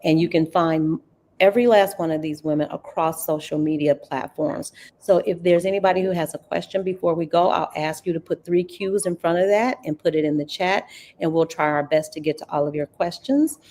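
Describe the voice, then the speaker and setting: A woman with a slightly low voice hosts a casual livestream conversation, talking a little fast. She's animated and folksy, calling her listeners honey and girl.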